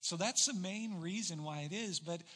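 A man preaching a sermon, telling the story with animated, acted-out quotes. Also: sits high, moderate pace, slightly rough, big-room sound. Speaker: pastor.

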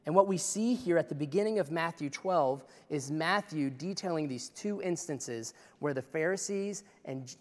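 A man's voice: mid-range voice, big-room sound. A male pastor preaching a sermon in a church in a conversational, impassioned way.

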